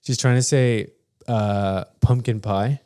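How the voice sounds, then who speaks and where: A man's voice: fairly low pitch, fairly even intonation, slow pace, warm tone. A man co-hosting a podcast in casual chat, rambling and restarting often, laughing between thoughts. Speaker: podcast co-host.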